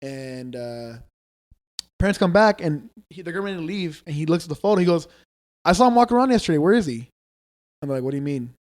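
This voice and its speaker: A man's voice: fairly high pitch, animated, fast, darkish tone. A man co-hosting a podcast, telling ghost stories in casual chat, loose and swearing, acting out the people he quotes. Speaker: podcast co-host.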